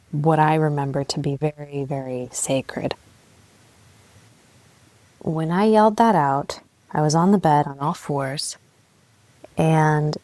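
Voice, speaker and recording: Young adult woman podcast host with a low voice and a dry, close sound. Frank, animated storyteller. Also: no room sound. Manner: candid and animated, swears freely, laughs at herself. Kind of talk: personal storytelling monologue.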